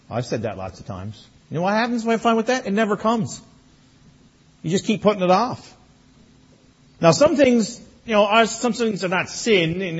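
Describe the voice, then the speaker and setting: Pastor guy telling stories in his sermon, kinda husky, bit high, muffled lo-fi sound. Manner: folksy storytelling, animated when recounting.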